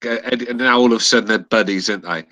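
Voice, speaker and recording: Indignant guy, forceful voice, keeps repeating himself. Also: fairly low pitch, racing. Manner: indignant, repeats his point. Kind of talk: casual chat.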